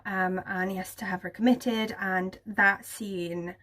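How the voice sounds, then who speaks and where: A woman's voice: medium pitch, fairly even intonation, measured pace, fairly bright tone. A young woman chatting casually to camera about books, gushing and full of filler words. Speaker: book vlogger.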